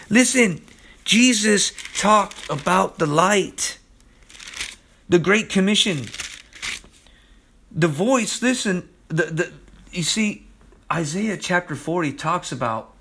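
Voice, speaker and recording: High-voiced impassioned male preacher. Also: lively intonation, takes it slowly, long pauses, pushed and bright, husky. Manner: urgent, repeats "listen"; impassioned, pleading. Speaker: podcast preacher. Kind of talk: sermon.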